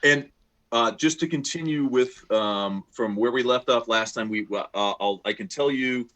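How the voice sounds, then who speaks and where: A man's voice: medium pitch, measured pace, a bit bright. A man acting as game master in a casual online session, talking hesitantly with many ums.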